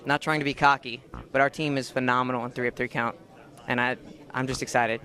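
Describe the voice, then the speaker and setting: A man's voice: mid-range voice, level tone, brisk, bright, forceful tone. A man, an athlete, speaking confidently and emphatically in an interview. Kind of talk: post-competition interview.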